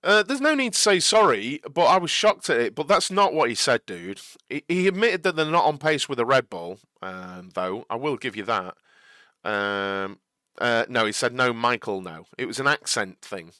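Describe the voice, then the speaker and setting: Lively, bright-voiced young male stream host. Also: mid-range voice, dry recording, studio quality. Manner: replies to viewer chat, earnest and a bit exasperated; halting, many restarts and repeated words. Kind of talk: casual live watch-along chat.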